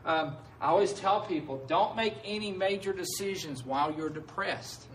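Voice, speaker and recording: High-voiced pastor in an echoey hall. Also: male voice, normal speed, a bit bright, slight background noise. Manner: conversational, keeps asking "right?". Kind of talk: sermon. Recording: echoey room heard from a distance.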